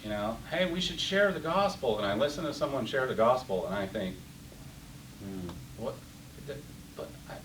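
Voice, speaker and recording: A man's voice: medium pitch, animated, moderate pace, long pauses, a bit bright. A middle-aged man teaching an interactive Bible class, passionate, getting worked up and repeating words. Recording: roomy, distant, faint hiss.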